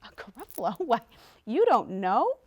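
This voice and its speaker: A woman's voice: a little high, huge pitch swings, a little slow, full character voice. A woman voicing a small, clever mouse in a picture book, polite and cheeky.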